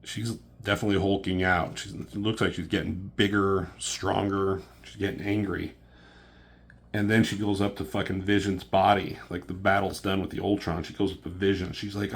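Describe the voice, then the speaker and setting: A man casually recapping a comic book issue, swearing often and getting excited, with lots of fillers. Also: low-pitched, normal speed, husky. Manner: profane, excitable, filler-heavy retelling.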